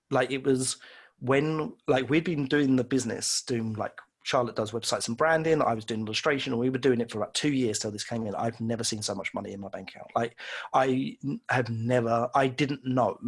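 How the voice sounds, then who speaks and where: A man's voice: medium pitch, breathy edge. A man, a guest on an interview, telling casual, rambling, self-deprecating stories and acting out the voices of people he quotes. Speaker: illustrator guest. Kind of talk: casual storytelling in conversation.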